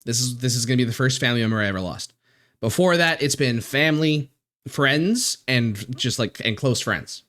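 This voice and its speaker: A man streaming live, talking in a halting, emotional way with many restarts and swearing, close to tears. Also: medium pitch, animated, a bit bright. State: near tears. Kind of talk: casual live-stream chat.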